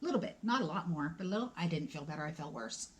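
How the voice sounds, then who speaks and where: A woman's voice: deep voice, lively intonation, very fast, slight background noise. A woman in her forties telling a personal story to the camera in a conversational, emotional way, acting out the dialogue and dropping to a whisper at times. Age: 40s. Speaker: vlogger.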